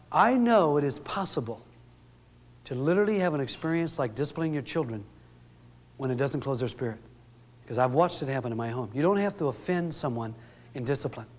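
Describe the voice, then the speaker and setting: Man, middle-aged, earnest folksy storyteller, fairly high voice, long hall reverb. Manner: earnest, folksy storyteller who acts out quotes. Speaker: speaker. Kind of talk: storytelling talk to an audience.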